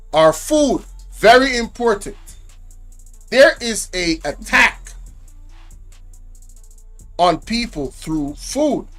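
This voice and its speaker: A man's voice: sits high, a bit bright. A man giving casual commentary to camera, emphatic and repetitive, often checking in with "right?". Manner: emphatic, repeats points, asks "right?". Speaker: reaction channel host.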